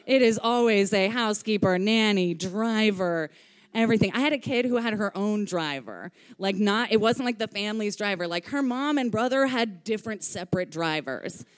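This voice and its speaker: Lady telling a funny story, smooth clear voice, swears a lot, does little voices. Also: mid-range voice, moderate pace. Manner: chatty, swearing, acts out quoted voices. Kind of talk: comic personal story told live.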